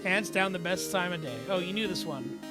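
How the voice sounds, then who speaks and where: A man's voice: high-pitched, brisk, loud music behind the voice, close to an everyday voice. A man voicing a cheerful, joking young fighter who tells puns in a playful, teasing way. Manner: upbeat, teasing, delivering puns.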